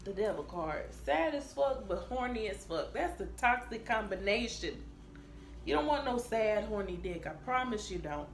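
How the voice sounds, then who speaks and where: A woman giving a casual tarot reading, blunt and profane, talking in an animated way. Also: medium pitch, normal speed. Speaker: tarot reader. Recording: echoey room with faint ambience.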